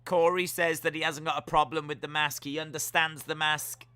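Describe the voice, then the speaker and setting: A man giving jokey live reactions while watching a wrestling show, now and then letting out sudden loud yells. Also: a little high, little pitch movement, moderate pace, clear, resonant tone. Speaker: wrestling watch-along streamer.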